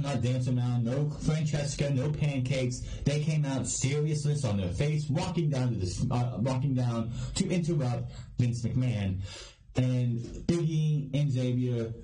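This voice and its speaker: A man's voice: mid-range voice, mellow. A man hosting a podcast, ranting bluntly and swearing for emphasis as he gives his opinions on wrestling. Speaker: podcast host. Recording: echoey room with faint noise.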